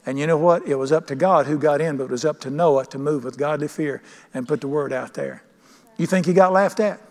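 In a reverberant church sanctuary, a pastor delivers a sermon, speaking emphatically and putting questions to the congregation. His voice is fairly high, a little mellow, and fairly quick.

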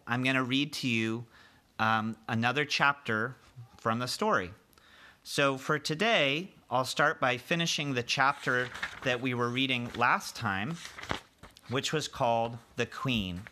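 A man, a teacher, reading a chapter book aloud to his class and pausing to explain hard words for children. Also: mid-range voice, pushed and bright.

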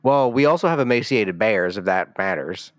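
A man's voice: lowish voice, lively intonation, normal speed, no room sound, lightly acted. A man playing an apologetic store clerk in an improvised comedy bit. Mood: folksy.

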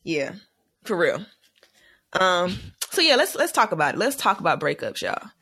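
A man hosting a casual podcast, an animated storyteller who laughs often. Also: high-pitched, moderate pace, husky, dry recording, studio quality. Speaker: podcast host.

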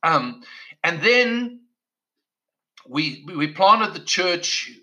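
Bright-voiced pastor telling his story. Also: on the high side, sing-song, extremely slow, poor audio. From South Africa. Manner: conversational, with many restarts and "you know". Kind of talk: personal testimony talk.

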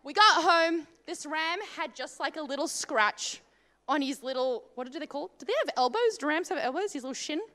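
A woman with a high, bright voice tells a comic personal story. She talks casually and animatedly, full of asides and "like" fillers. Her tone is sharp and forward. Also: moderate pace.

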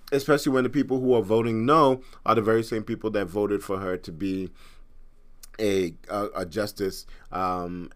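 With a lowish, slightly bright voice, a middle-aged man from Trinidad rambles through casual podcast talk as host, frequently restarting what he's saying.

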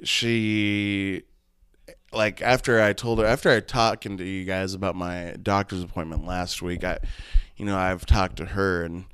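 Low-pitched and steady, a man in his thirties talks a little slowly on his casual solo podcast, his tone fairly bright and clean. He's candid and rambling, swearing plenty and often laughing or starting over. The studio-quality sound has no echo.

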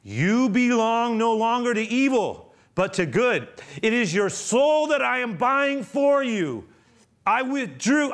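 A man voicing a gentle elderly bishop who speaks solemnly, rising to loud fervor. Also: extremely high pitch, pitched above the performer's own voice, heavily acted.

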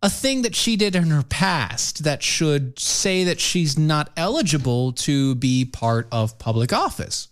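Man, casual co-host chat, slightly high voice, lively pitch, rambling with restarts. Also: a little slow, hardly any pauses. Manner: rambling, stumbles and restarts, laughs often. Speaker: podcast co-host.

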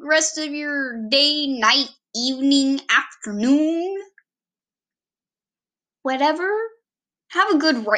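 A woman's voice: sits high, a bit bright. A young woman casually introducing herself on her channel, rambling and giggling at herself. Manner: rambling, giggly, self-deprecating.

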